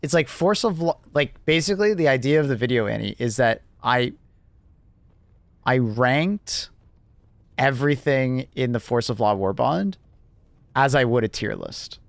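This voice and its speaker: A young streamer with a creaky, medium-pitched voice chats loosely with his viewers, heavy on fillers and quick to laugh as he rambles. There's no echo on the audio.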